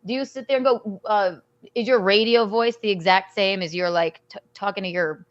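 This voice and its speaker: A woman chatting as a podcast guest over a video call, animated and rambling, with frequent restarts and laughs. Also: mid-range voice, normal speed, no room sound. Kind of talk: casual chat. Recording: dull lo-fi audio.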